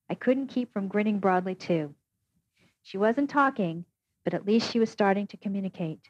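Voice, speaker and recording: Brief: woman audiobook narrator, measured first-person reading, mid pitch, dull dry recording. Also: a little mellow. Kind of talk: scripted narration.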